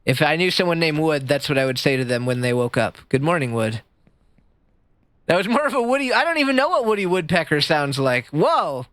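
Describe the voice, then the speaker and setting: Male streamer, casual stream chat: high voice, swooping animated delivery, self-deprecating humor. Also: fast, hardly any pauses, no room sound. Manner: animated, goofy, self-deprecating, chats with viewers. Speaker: livestreamer. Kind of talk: casual live-stream chat while gaming.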